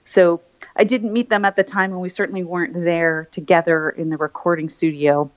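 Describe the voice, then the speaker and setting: Here the same kind of guest, a woman voice actor, talks fairly quickly in a steady, low-leaning tone during a casual interview. She keeps restarting and filling pauses, and the lo-fi sound is a little muffled.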